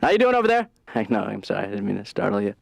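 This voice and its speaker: An actor playing a cocky grown son who teases and rambles over others. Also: male voice, lowish voice, wildly swooping pitch, rapid-fire, vocal fry, no room sound, full character voice. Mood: teasing.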